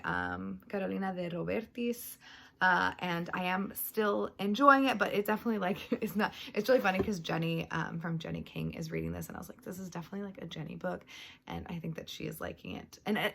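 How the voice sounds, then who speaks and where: Woman with a low, gravelly voice. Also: fairly bright tone. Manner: rambling, full of "like" and "um". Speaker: book vlogger. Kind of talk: casual chat about her reading.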